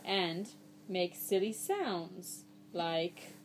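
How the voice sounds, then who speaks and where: A woman's voice: fairly low pitch, extremely slow, a little hiss or hum. A woman reading a children's book aloud to a child, playful and mock-exasperated, breaking into silly nonsense sounds.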